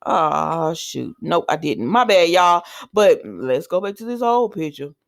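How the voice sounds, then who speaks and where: A woman's voice: fairly low pitch, sing-song, moderate pace, no echo, clean studio sound. A woman giving a casual, opinionated recap of a soap opera episode and talking straight to her viewers.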